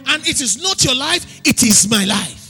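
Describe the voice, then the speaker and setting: A woman pastor with a Nigerian accent preaching a sermon, emphatic and often shouting in a chanting preacher's cadence. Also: high voice, lively intonation, normal speed. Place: church hall. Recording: long hall reverb with faint music.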